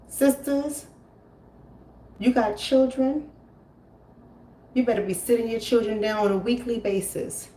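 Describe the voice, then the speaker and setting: Talking at home on a casual live stream, a commentary host in her 40s sounds emphatic and preachy, repeating phrases. Her voice is mid-range and warm. The recording is roomy and distant, with a little hiss or hum.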